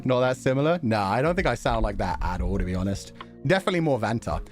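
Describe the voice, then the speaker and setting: A man's voice: mid-range voice, sing-song, fast talker, faint music behind. A man talking casually to his chat on a live stream, reacting to videos and laughing often.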